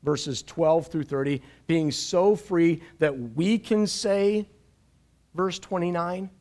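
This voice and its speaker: Animated high-voiced male pastor preaching. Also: takes it slowly. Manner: animated, jokey asides, repeats words. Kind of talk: live-streamed sermon. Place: church stage.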